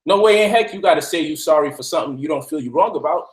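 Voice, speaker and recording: A man with a high voice preaches to his listeners in an emphatic, animated way. He speaks as the host of an online talk, and his voice bounces around an echoey room. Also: fast.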